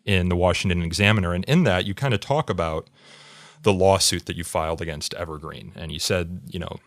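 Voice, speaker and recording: A man hosting a podcast, asking long, measured questions with frequent fillers. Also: low-pitched, no room sound. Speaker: podcast host. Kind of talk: interview questions.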